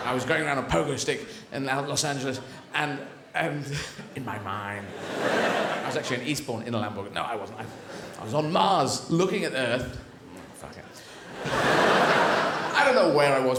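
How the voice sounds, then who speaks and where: A stand-up comedian on a big theatre stage, talking in a rambling, digressive way with a lively, swooping pitch. His voice sits a little higher than most men's. The recording has strong room echo and clearly audible audience noise. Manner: rambling, animated, digressive, swears freely.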